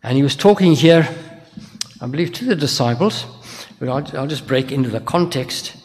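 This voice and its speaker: A man's voice: mid-range voice, lively intonation, moderate pace, darkish tone. An older man preaching a sermon as a minister, earnest and full of rhetorical questions to his congregation. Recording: long hall reverb.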